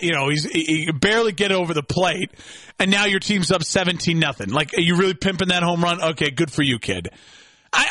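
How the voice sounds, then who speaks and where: A young adult man hosting a sports talk show, ranting excitably and bursting into shouts. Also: sits high, no room sound.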